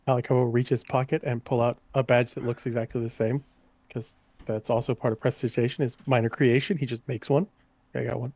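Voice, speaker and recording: A man's voice: mid-range voice, level tone, fast talker, a little mellow, dry recording. A man playing a tabletop game, describing his character's actions matter-of-factly. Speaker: player. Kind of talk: tabletop play.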